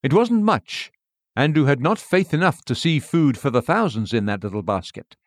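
A man reading an old sermon in an earnest, measured way. His pitch rises and falls in a lively, expressive line. The sound is close and dry, with no room around it. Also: no echo. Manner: measured, earnest, rhetorical questions. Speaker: preacher. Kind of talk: read-aloud sermon.

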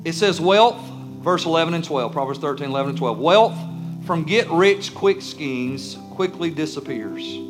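High-voiced preaching pastor, faint music. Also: male voice, expressive, normal speed. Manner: emphatic preaching, acting out congregants' and kids' voices. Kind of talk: sermon. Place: church sanctuary.

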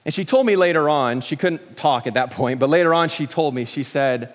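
A middle-aged pastor preaching a sermon in a relaxed, joking way, with many restarts and fillers. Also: male voice, on the high side, brisk, hardly any pauses, long reverb tail.

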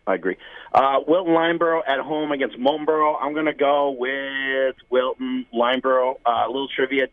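Male sports talk co-host, relaxed and jokey, slightly dull lo-fi audio. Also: medium pitch, no room sound. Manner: easygoing, jokey, lists picks and schedules.

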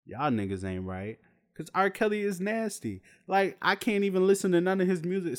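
A man's voice: high voice, moderate pace. A man in his twenties ranting bluntly and with plenty of swearing, in a casual vlog rant to camera. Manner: blunt, profane, animated storytelling. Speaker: vlogger.

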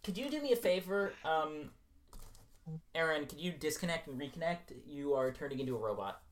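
Relaxed male game master narrating. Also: fairly high pitch, fairly quick, slight background noise. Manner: descriptive, relaxed, lots of um and like fillers. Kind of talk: narrating a tabletop role-playing game over voice chat.

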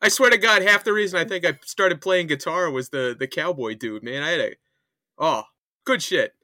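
A man co-hosting a podcast in casual chat, excitable, swearing freely and trailing off mid-thought. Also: fairly high pitch, normal speed, no echo, clean studio sound. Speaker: podcast co-host.

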